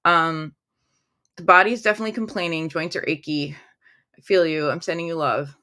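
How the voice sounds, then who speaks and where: A woman's voice: sits low, fairly even intonation, moderate pace, pushed and bright. A woman hosting a casual tarot livestream from a room at home, talking into her phone, chatty and upbeat as she reads viewer comments aloud.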